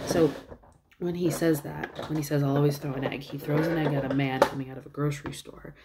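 A woman's voice: low voice, steady tone, brisk, heavy background noise. A woman vlogger chatting casually, recapping at length with lots of "like" and "um". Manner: rambling recap full of fillers and likes. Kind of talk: casual chat.

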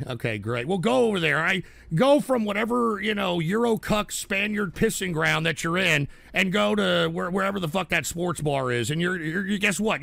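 Brief: high, gravelly male host, profane ranter, yells at trolls, dry close sound. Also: lively intonation, normal speed, hardly any pauses, no room sound. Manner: ranting, swearing, shouting at trolls. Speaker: political talk show host. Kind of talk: angry livestream rant.

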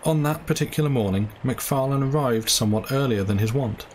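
A man's voice: mid-range voice, fairly quick, a little mellow, slight background noise, low-quality recording. Man reading a classic story aloud. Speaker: audiobook reader.

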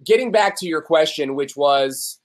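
A young man talks openly as a podcast guest, animated and quick to act out the people he quotes. His voice sits slightly high for a man. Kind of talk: casual conversational interview.

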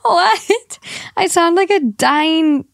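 A woman's voice: extremely high pitch, animated, drawn-out words, vocal fry, no echo, studio quality. A young woman hosting a podcast, chatting playfully and reading a story aloud. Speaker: podcast host. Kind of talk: casual chat and reading stories aloud.

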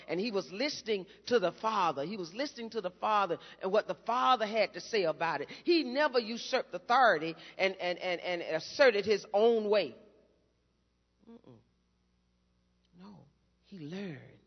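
A woman preacher giving a fervent sermon, repeating phrases and calling out to her congregation, moving between quiet teaching and loud shouting. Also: a little high, husky. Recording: dull recording with long hall reverb.

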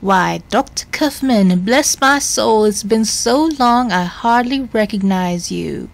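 A woman voicing a fussy, kindly elderly housekeeper in a slow Southern belle drawl, reading game dialogue aloud. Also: medium pitch, vocal fry. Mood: fussing.

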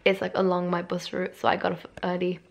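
In her bedroom at home, a tired young vlogger rambles to camera in a fairly low, gravelly voice, talking fast with a completely flat delivery. It's casual vlog chat, chatty and self-deprecating, and she's a little out of breath.

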